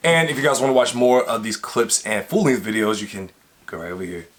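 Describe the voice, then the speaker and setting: A man's voice: fairly low pitch, brisk. A man giving an upbeat closing outro for a channel, asking viewers to subscribe. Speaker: channel host. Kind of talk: video outro.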